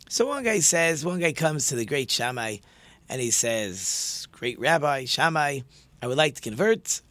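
A man teaching a religious lesson through stories, animated and acting out the dialogue with lively shifts in pitch. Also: dry recording. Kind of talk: storytelling lesson.

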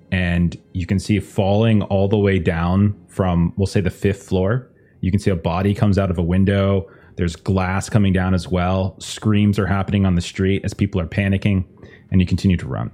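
A man with a fairly low voice narrating a tabletop game as its game master. He describes scenes loosely and conversationally, padding his sentences with fillers. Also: mellow.

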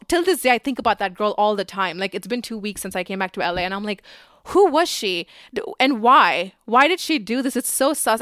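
A young woman telling a story to her vlog camera in a casual, animated way, packed with "like" and swearing. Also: medium pitch, smooth, no room sound. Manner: fast, animated, lots of "like" and swearing. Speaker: YouTuber.

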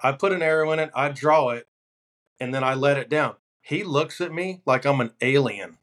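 Guy telling hunting stories on a podcast, mid-pitch voice, easygoing and animated, dry punchlines. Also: normal speed. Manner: animated, deadpan punchlines in anecdotes. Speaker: hunting outfitter guest. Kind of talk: casual podcast storytelling.

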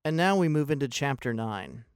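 A man's voice: medium pitch, animated, moderate pace, smooth, dry recording, studio quality. A man giving an intense, analytical and sometimes profane monologue about a film, in video-essay style. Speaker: film commentator.

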